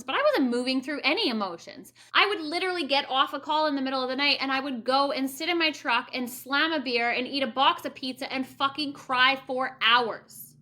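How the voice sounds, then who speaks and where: A woman in her thirties tells her own story in a candid, blunt way and swears freely. Her voice sits high and sounds bright and a little sharp. She slips into lively quoted asides as she talks. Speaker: coach for women. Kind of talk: personal story monologue.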